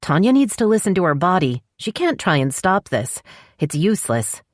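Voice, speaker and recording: Woman voicing a calm instructive healer. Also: fairly low pitch, moderate pace, no room sound, clean studio sound, pitched above the performer's own voice. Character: calm female healer guiding a birth by phone.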